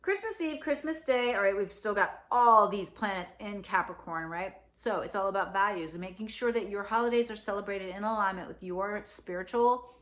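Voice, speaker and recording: A woman's voice: medium pitch, a bit bright. A woman astrologer giving a casual spoken forecast, chatty, with many fillers and "right?" asides.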